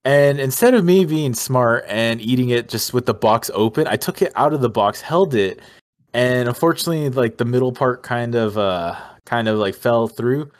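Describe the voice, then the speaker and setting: A young man co-hosting a laid-back podcast, spinning a story with animated energy. He laughs often and swears casually, at an ordinary, mid-range pitch. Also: moderate pace. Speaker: podcast co-host. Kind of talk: casual chat.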